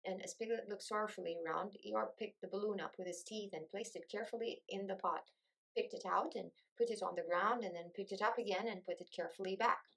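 A teacher reading a storybook aloud to children, a woman with a gentle, steady manner. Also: on the low side, brisk, gravelly, slightly rough, rough recording.

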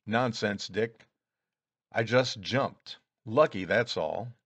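A small, evasive man with a secret speaks in a lowish, slightly lifted voice, sheepish and then confiding, as a male reader puts him on. The sound is dry and close. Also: takes it slowly, fairly bright tone, husky, no echo, full character voice.

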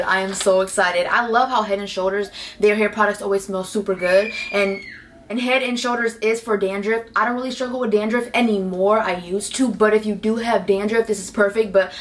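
A teenage girl chats through a hair-care haul. She gushes and repeats herself, piling up excited praise in a loose, casual way. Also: medium pitch, a little fast, slight background noise. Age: teens. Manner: gushing, chatty, repeats herself. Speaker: beauty vlogger.

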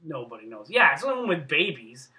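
A man telling a rambling, profane story as a vlogger, jumping between loud outbursts and low mutters. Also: sing-song, brisk. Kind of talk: casual storytelling vlog. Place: Montreal.

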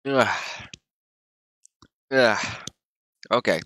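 A man's voice: mid-range voice, extremely slow, pushed and bright, dry recording. A man livestreaming casually, rambling and groaning in pain with teary eyes and a running nose. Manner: rambling, groaning and gasping from spicy heat. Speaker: streamer.

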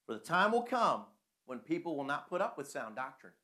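A man's voice: on the high side, very animated, a little fast, bright, forceful tone. A man preaching a conversational sermon full of rhetorical questions.

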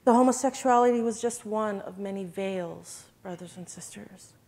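A woman's voice: medium pitch, normal speed, mellow. Woman giving an earnest church testimony. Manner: earnest, emotional, addresses listeners as brothers and sisters. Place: event hall.

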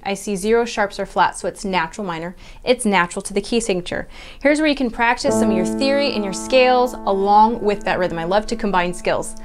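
Patient woman piano teacher. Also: mid-range voice. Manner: patient, methodical explaining, counting beats aloud. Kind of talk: step-by-step music lesson.

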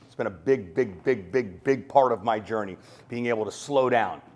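Animated man coaching on podcasting. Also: lowish voice. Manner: fast, animated, acts out quoted exchanges. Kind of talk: energetic talk to an audience.

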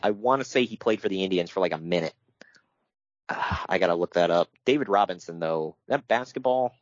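A man's voice: low-pitched, brisk, no echo, lo-fi sound. Wry man reading notes on a podcast. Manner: wry, laughs often, reads notes then riffs. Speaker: podcast co-host. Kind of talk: casual podcast chat.

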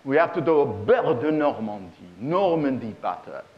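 A man voicing a haughty French husband who brags, with a lofty, drawn-out delivery. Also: mid-range voice, very animated, close to an everyday voice. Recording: dull lo-fi stage recording.

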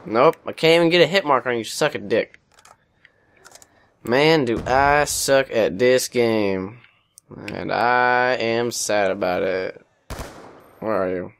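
A young man talks over a headset while he plays, giving casual commentary. He rambles on, runs himself down and swears freely. His voice sits at an ordinary middle pitch. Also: slow, long pauses. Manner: rambling, self-deprecating, swears often. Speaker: gaming commentator.

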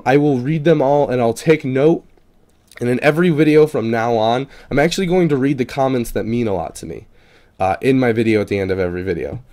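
For his gaming videos, a man reads out what viewers commented, in a medium-pitched, slightly mellow voice. He swears easily throughout, keeps it loose and profane, and gets tangled up on names he hasn't seen before.

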